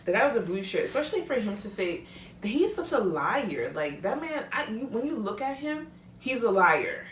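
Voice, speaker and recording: A woman's voice: lowish voice, slight background noise. A young woman vlogger in a casual, heated rant, talking bluntly and swearing freely. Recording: echoey room, mic at a distance.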